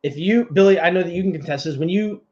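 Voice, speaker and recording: A man's voice: high voice, quick pace, dull audio. A man co-hosting a podcast in casual chat, ranting with lots of swearing. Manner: animated, profane ranting. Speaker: podcast co-host.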